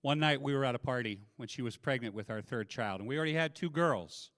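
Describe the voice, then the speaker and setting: A man's voice: medium pitch, fast talker. A middle-aged man doing a self-deprecating stand-up comedy set on a live stage, talking into a handheld mic. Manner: self-deprecating, animated storytelling. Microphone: handheld microphone.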